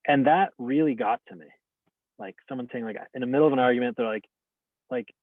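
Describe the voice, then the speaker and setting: A man who teaches meditation talks in an earnest, openly reflective way, often pausing on casual fillers. His voice sits at an ordinary middle pitch. It comes through a thin, tinny, phone-like line with a dry sound and no room echo. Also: expressive. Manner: earnest, open, many "like" fillers. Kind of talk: reflective personal talk.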